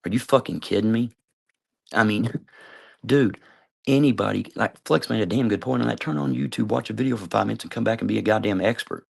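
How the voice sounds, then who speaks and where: A man's voice: lowish voice, fairly quick, creaky, husky. A man talking to camera in a long, rambling rant, cursing constantly, calling people out by name and trailing off with "I don't know.". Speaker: video commentator.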